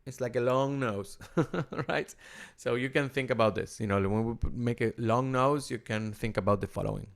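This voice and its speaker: A gravelly-voiced man at medium pitch, a rabbi and cantor with an Argentine Spanish accent, gives an informal teaching talk. He speaks haltingly, repeating many words and restarting often.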